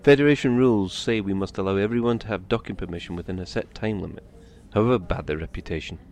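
Man playing a low-voiced, plain docking officer. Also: fast, darkish tone. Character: matter-of-fact male docking officer.

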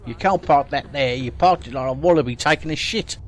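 A man's voice: mid-range voice, brisk, close to an everyday voice. A man doing a brash Australian parking warden. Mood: gruff. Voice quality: brash, sweary and blunt. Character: foul-mouthed male space station parking warden.

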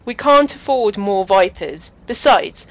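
A woman's voice: mid-range voice, lively intonation, unhurried. A woman voicing a sardonic, stern female station boss. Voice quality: dry and cutting.

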